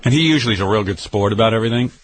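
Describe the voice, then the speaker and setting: Low-voiced teasing radio host man. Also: animated, rapid-fire, slight background noise. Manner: joking, ribbing. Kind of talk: teasing morning radio banter.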